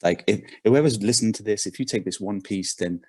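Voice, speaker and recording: Low husky English man telling a story. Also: brisk, dry recording. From England. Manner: animated, repeats words, many fillers. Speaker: performance coach. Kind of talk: storytelling podcast interview.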